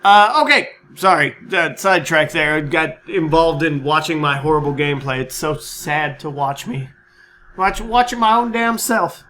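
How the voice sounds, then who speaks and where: A man's voice: fairly high pitch, moderate pace, bright, forceful tone. A man hosting a gaming channel, chatting casually through a let's-play and a channel update, rambling, self-mocking and swearing freely.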